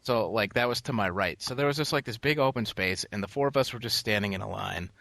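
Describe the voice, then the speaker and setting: A man co-hosting a casual podcast, telling animated, profane stories with loud outbursts. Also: fairly low pitch, quick pace, vocal fry, dry recording. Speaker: podcast co-host.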